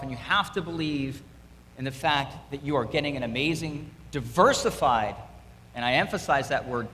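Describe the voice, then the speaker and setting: In an echoey school hall with faint room noise and an audience present, a middle-aged donor energetically motivates students, hammering his key words through repetition. His voice is fairly high and a bit bright.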